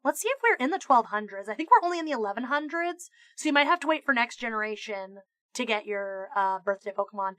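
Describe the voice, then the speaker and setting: A woman's voice: on the high side, quick pace, no echo, clean studio sound. A woman streamer chatting casually on a live stream, mock-ranting with plenty of swearing and stammered restarts. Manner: animated, profane mock-ranting. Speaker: VTuber streamer.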